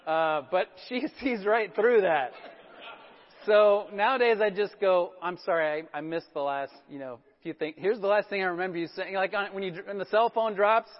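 A middle-aged man preaches in a loose, chatty way, with self-deprecating asides and plenty of fillers. His voice sits fairly high for a man. The sound is muffled and rings with the long reverb of a church hall. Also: normal speed. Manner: relaxed, self-deprecating storytelling with many fillers. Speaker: pastor. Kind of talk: conversational sermon.

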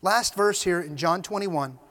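A man preaching a sermon, retelling scenes with animated storytelling and casual asides. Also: sits high, measured pace. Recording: reverberant hall.

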